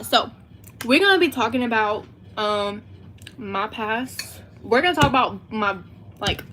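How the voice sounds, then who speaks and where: A woman's voice: mid-range voice, a little hiss or hum. A teenage girl with a Southern US accent, chatting and giggling to her livestream chat. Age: teens. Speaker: livestream host.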